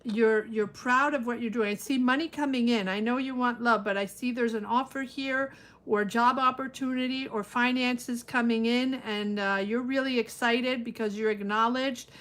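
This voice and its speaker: A woman's voice: fairly high pitch, steady tone, normal speed, fairly bright tone. A middle-aged woman giving a live-stream tarot reading, musing aloud and talking to viewers by name. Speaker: tarot reader.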